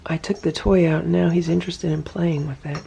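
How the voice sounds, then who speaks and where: A woman's voice: fairly low pitch, steady tone, brisk, creaky, warm tone, slight background noise. A woman vlogging casually at home about her rescue cats, explaining what they do and talking sweetly to them. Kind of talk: casual narration to camera. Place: home indoors.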